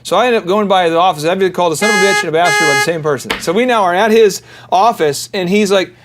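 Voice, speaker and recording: Man, podcast host, casual business chat, animated storyteller, slightly high voice. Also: fast, heavy background noise. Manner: animated storyteller, acts out quoted callers.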